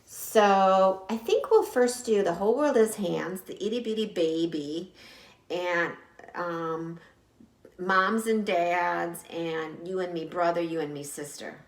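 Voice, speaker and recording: A woman teaching an online Sunday school lesson, speaking gently and simply to young children, recorded on a home camera. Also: on the low side, slow. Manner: gentle, encouraging, talks simply to young kids. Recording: roomy echo.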